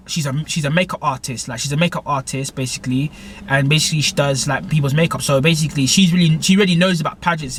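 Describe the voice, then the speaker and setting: A man's voice: a little high, a bit bright, a little hiss or hum. A man rambling through a film's plot in heavy slang, full of fillers. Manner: rambling, heavy slang, repeats "basically" and "innit". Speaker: movie reviewer. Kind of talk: casual film plot recap.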